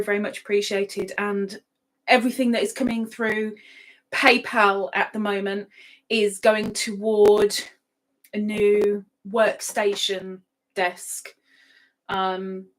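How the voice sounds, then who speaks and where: A woman's voice: mid-range voice, poor audio. A woman hosting a live stream from her home computer setup, chatting casually, often repeating herself and laughing. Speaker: livestream host.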